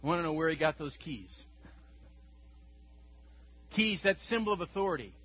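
A man preaching an Easter sermon as pastor, moving from hushed scripture reading to loud exclamations. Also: on the high side, sing-song, normal speed, slightly rough. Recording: dull lo-fi recording with faint hum.

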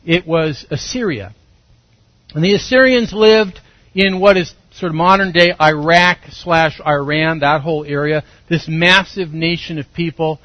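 A middle-aged man preaching a sermon in a church, telling stories with lively acted-out voices. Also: on the high side, a little slow, no echo. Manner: animated storytelling, acts out voices and shouts. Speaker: pastor. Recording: dry, slightly muffled recording.

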